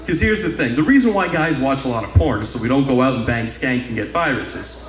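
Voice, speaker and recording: A man's voice: medium pitch, lively intonation, a little fast. A young man doing a crude stand-up comedy set on a club stage, rambling into a handheld mic with sung bits. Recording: echoey live club room.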